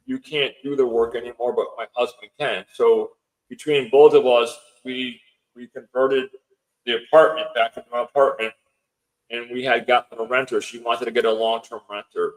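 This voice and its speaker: A man's voice: mid-range voice, rough recording. A man speaking as a podcast guest, telling a long story casually, quoting what others said again and again, with many restarts and fillers. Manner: retells events with lots of quoted dialogue; rambling, with restarts and filler words. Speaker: podcast guest, house owner.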